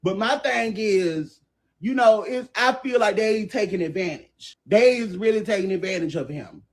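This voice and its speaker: A man's voice: high-pitched, animated, moderate pace. A man ranting angrily and profanely to viewers on a livestream, cursing at commenters and then apologizing, speaking. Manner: profane, confrontational, repeatedly apologizing. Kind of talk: heated livestream rant.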